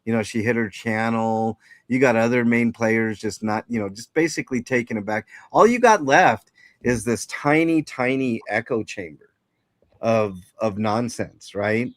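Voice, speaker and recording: Man, livestream host, casual rambling chat, middle pitch, dry close sound. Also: measured pace, no room sound. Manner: rambling, lots of fillers and restarts.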